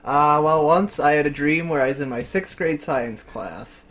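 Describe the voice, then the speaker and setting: A man's voice: fairly high pitch, moderate pace, fairly bright tone. A man on a casual podcast chat, laid-back and filler-heavy as he recounts an odd dream. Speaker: podcast co-host.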